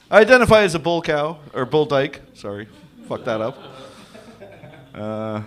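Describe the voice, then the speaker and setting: A man doing a rambling, self-deprecating stand-up set on an open-mic stage. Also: a little high. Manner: slow, rambling, self-deprecating delivery in a cow costume. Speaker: stand-up comic. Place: comedy club stage.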